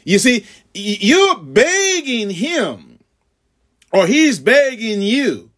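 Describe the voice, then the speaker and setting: A man preaching a sermon, calling out "huh?" to the congregation, stammering on repeats and swinging from shouts to hushed asides. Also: very high voice, sing-song, drawn-out words. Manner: call-and-response, frequent "huh?"; stammering repeats when building. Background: congregation laughing.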